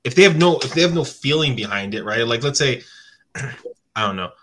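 A man's voice: medium pitch, animated, normal speed, a bit bright. A man co-hosting a podcast in casual chat, rambling with many restarts and hedges. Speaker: podcast co-host.

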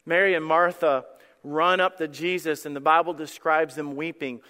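A man's voice: fairly high pitch, steady tone, moderate pace, pushed and bright. A man preaching a sermon as pastor, impassioned and building to emphatic peaks with repeated phrases. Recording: church hall with long reverb.

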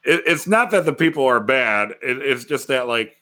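A man from Illinois, co-hosting a casual podcast chat, talking in an animated way with lots of fillers and frequent laughs. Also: mid-range voice, normal speed. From Wilmington, Illinois, USA. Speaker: podcast co-host. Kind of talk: casual chat about a TV show.

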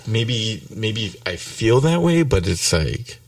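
A man's voice: fairly low pitch, big pitch swings, slow pace, dry recording, recorded from a distance. A middle-aged man, talking casually and bluntly with heavy swearing and bits of Spanish. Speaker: guest. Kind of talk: casual chat. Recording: dry sound, speaker off mic.

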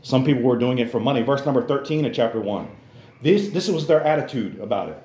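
A man's voice: mid-range voice, lively intonation, fast talker, warm tone. A man preaching a sermon to young people in a church, earnest and repetitive, calling out to his listeners again and again. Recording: roomy echo.

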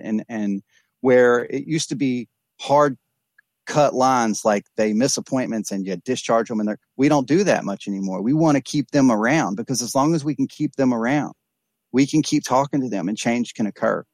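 A man's voice: mid-range voice, darkish tone, no room sound. A man working as an addiction counselor, speaking earnestly and reflectively in a candid podcast conversation, often restarting and repeating words. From East Texas.

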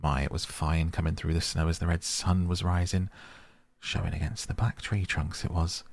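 A man voicing a cheerful, bold adult male otter telling his tale in a hearty, lively way. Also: sits low, moderate pace, creaky, dry recording.

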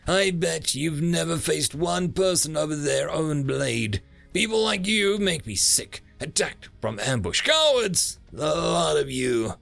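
A man voicing a scornful young blonde woman fighter who gives hard, sharp commands. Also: a little high, big pitch swings, a little slow, creaky, faint music behind, voice pushed up, heavily acted. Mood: scornful, commanding.

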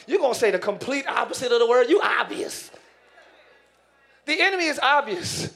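A man pastor preaching a sermon in church, animated, acting out voices and shouting for emphasis. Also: very high-pitched. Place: church sanctuary.

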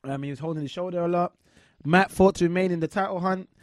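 A man's voice: high-pitched, fast talker, no echo, clean studio sound. A man hosting a wrestling chat show and interviewing a guest, eager and rambling with lots of fillers.

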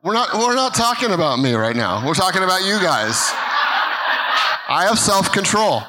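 Bright-voiced storytelling pastor. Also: male voice, high-pitched, normal speed, rough recording. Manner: animated storytelling, acts out voices, laughs along. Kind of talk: sermon story. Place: church stage.

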